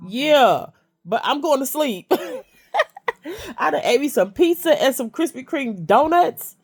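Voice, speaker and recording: A woman's voice: a little high, expressive, slow pace, pauses often. An older woman with a cold, chatting casually to her viewers from her bed at home in a folksy way. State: stuffy with a cold. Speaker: vlogger.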